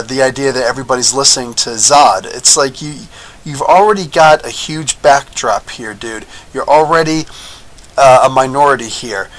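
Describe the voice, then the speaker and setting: A man giving a casual, chatty review of a TV episode, excitable, with lots of fillers and frequent laughs. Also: medium pitch, poor audio. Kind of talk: casual video review commentary.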